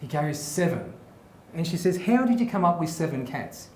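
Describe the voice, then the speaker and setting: A man's voice: a little high, big pitch swings, brisk, very noisy. A man hosting a live comedy show, telling jokes and laughing along. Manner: chatty, laughs at his own jokes. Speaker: host. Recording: echoey room, faint ambience.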